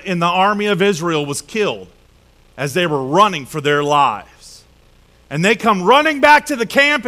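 A male pastor preaching a sermon, telling a Bible story in a lively way and acting out the characters' voices. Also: sits high. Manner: animated storytelling with acted-out voices.

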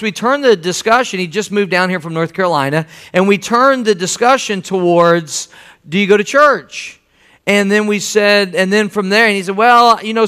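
A pastor preaching a sermon with a high, bright and ringing voice. He tells his story with animation, playing out both sides of the dialogue himself. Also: clean tone.

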